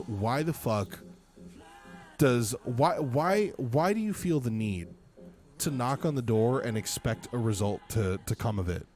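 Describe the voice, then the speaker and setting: A man streaming, telling a story in casual chat, exasperated and swearing freely. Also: mid-range voice. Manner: animated, exasperated, profane.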